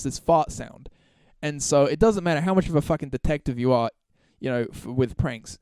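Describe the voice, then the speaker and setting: A man's voice: on the high side, dark tone, clear, resonant tone, no echo, clean studio sound. A man hosting a solo podcast, talking casually in long, rambling, profane stretches full of restarts and laughs. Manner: laughs through his stories. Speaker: podcast host.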